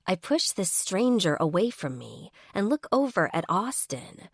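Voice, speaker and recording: A woman narrating a first-person romance audiobook in an expressive, wry manner. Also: fairly low pitch, measured pace, dry recording, studio quality.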